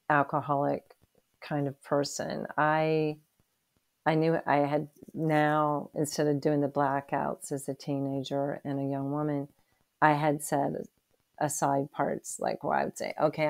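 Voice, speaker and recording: A woman's voice: low voice, flat delivery, unhurried, darkish tone. A woman in her sixties telling her personal faith story as an interview guest, earnest and emotional, with frequent restarts. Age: 60s.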